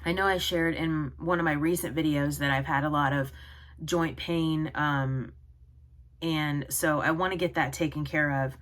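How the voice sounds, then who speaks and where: A woman in her forties vlogging to camera, talking in an earnest, halting way with many pauses. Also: sits low, steady tone, fairly bright tone. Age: 40s. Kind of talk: personal vlog talk to camera.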